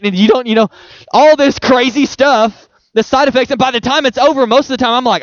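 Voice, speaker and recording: A man's voice: very high-pitched, fairly quick, dry recording, highs cut off. A male pastor giving a sermon in a conversational, playful way, with homely examples.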